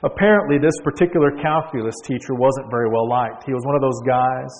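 A man's voice: mid-range voice, darkish tone. A man preaching a sermon in a storytelling manner, with emphatic repeats and restarts. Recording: long hall reverb.

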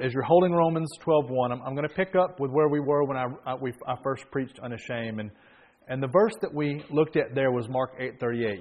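A man's voice: medium pitch, low-quality recording. Thirties male pastor: conversational sermon delivery that rises to emphatic points, with frequent restarts. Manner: conversational storytelling that builds to emphatic preaching.

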